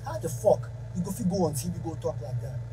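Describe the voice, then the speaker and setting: A high-voiced man with a Ghanaian Pidgin accent delivers a heated, confrontational rant straight to camera. He keeps circling back to the same accusations, and faint noise hums behind him. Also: lively intonation, fast talker. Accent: Ghanaian Pidgin English. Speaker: musician.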